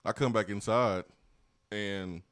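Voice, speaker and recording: A man's voice: lowish voice, fairly even intonation, slow, a bit bright, clean tone, dry recording, studio quality. Playful man on sports radio. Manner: playful, repeats catchphrases, laughs often. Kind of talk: casual sports talk chat.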